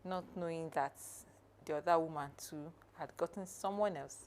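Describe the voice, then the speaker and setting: A woman co-hosting a podcast, telling a story in a measured, unhurried way. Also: low-pitched, a little mellow, slight background noise. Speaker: podcast co-host. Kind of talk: conversational podcast talk, storytelling.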